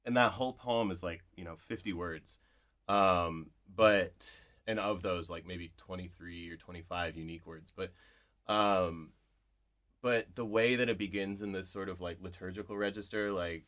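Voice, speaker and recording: A man with a very low voice talks through his ideas at a live bookshop event. He is a poet, reflective and digressive, often checking in with "right?" as he builds a thought. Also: fairly even intonation, normal speed, fairly bright tone. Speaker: poet, interview guest.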